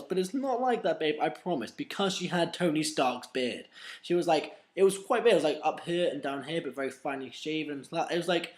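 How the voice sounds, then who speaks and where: A man telling a rambling, swearing comedic story in a casual vlog. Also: fairly high pitch. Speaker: vlogger.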